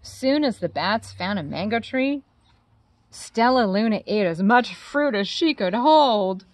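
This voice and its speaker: A woman reading a children's picture book aloud, lively and expressive as she voices the characters. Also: unhurried, no room sound. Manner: animated, voices the characters with high squeaks. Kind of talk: storybook read-aloud.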